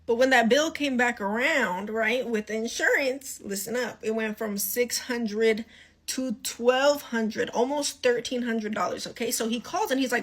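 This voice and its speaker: A woman with a slightly high voice tells a story in a casual, animated rant. She acts out both sides of a phone call and breaks into exasperated, profane outbursts. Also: moderate pace. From California. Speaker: social media storyteller.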